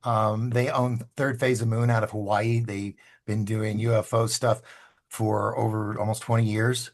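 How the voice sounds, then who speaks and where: Male filmmaker guest, husky timbre, animated storyteller who acts out quotes. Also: lowish voice, a little slow. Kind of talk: storytelling in a casual interview.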